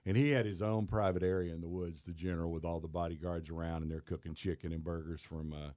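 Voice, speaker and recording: A man telling stories in a casual chat, acting out other people's lines in an animated way. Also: sits low, fast, dry recording. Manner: animated storyteller, acts out quotes.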